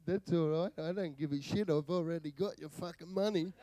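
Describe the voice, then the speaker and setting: An Australian man doing a stand-up comedy set, bantering with the crowd in a slow drawl. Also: a little high, noisy background. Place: live venue with audience.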